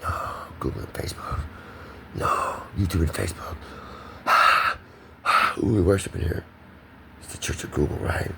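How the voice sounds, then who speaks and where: A man's voice: low-pitched, a little slow, creaky, long pauses, bright, forceful tone, slight background noise, poor audio. A man rambling in a monologue to camera, emphatic and preachy, repeating himself. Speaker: vlogger.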